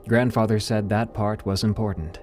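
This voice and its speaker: Guy narrating a creepy story, low warm voice, slow and ominous, soft music under it. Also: little pitch movement. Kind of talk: scripted first-person horror narration.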